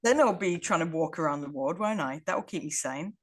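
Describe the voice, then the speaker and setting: A woman's voice: low voice, lively intonation, brisk. A woman co-hosting a podcast, chatting casually in a wry, rambling way and laughing often. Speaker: podcast co-host. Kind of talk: casual chat.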